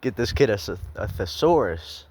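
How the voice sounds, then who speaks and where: Reading a horror story he hasn't seen before, a man keeps interrupting himself with sarcastic, profane, rambling asides. His voice is lowish and expressive at a moderate pace, with a noisy background behind him.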